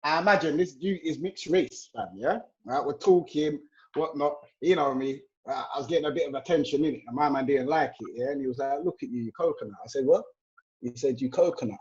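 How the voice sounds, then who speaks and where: A man's voice: on the high side, a little mellow, dull audio. A man, telling a story in casual slangy banter on a podcast. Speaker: podcast co-host.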